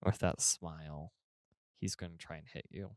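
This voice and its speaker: A man's voice: deep voice, steady tone, moderate pace, no room sound, clean studio sound. A man narrating a tabletop game as game master, casual and rambling.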